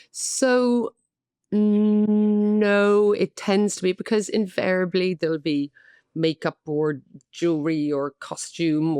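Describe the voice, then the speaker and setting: A middle-aged Irish woman speaks in a slightly low voice, candid and chatty, laughing at herself and dotting her talk with "um"s. She sounds like a guest in a podcast interview, recorded close and dry with no room echo. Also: darkish tone. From Ireland. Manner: candid, chatty and self-deprecating, with many "um"s. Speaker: guest actress.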